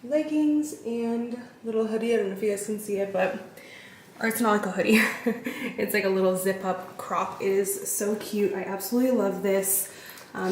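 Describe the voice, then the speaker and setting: A woman's voice: medium pitch, echoey room, a little hiss or hum. A young woman chatting casually in a vlog, talking while she eats at home. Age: young adult. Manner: chatty, talks while eating. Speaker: vlogger.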